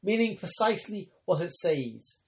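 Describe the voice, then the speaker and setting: A man voicing a grave, ironic young woman healer, speaking calmly and teasingly in an audiobook reading. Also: sits high, moderate pace, slight background noise, voice pushed up. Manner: calm, teasing, persuasive.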